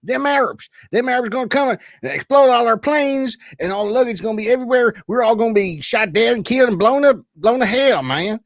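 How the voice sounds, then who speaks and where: A man playing a boastful, gun-toting Southern American man who talks in loud, drawling boasts. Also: very high-pitched, brisk, few pauses, no echo, clean studio sound, voice pushed up. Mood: panicked.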